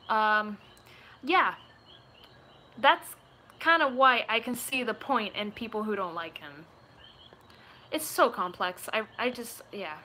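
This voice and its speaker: A woman's voice: fairly high pitch, takes it slowly, long pauses, bright, forceful tone. A woman, chatting casually and rambling through viewer questions, giggling often. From Puerto Rico. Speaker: gaming YouTuber.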